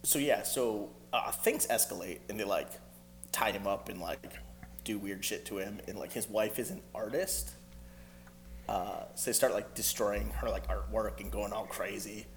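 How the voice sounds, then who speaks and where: A man's voice: fairly low pitch, moderate pace, slight background noise. A man telling a rambling movie story in a casual podcast chat, full of fillers and laughing asides.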